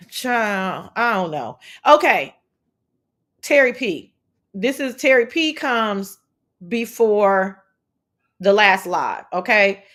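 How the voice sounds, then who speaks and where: A woman hosting a casual commentary livestream, telling stories in a sassy, profane, animated way. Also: medium pitch, slow, pauses often. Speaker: commentary host.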